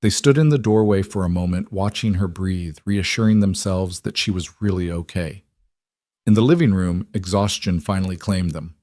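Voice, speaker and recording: A man narrating a dramatic story in a steady, even way. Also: sits low, moderate pace, no room sound, studio quality.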